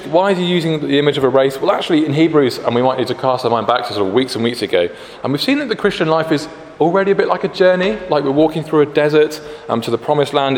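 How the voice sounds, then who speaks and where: A British man preaching a sermon in a conversational way, with frequent fillers and restarts. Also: on the high side. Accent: British English. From Britain. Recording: echoey hall, faint background noise.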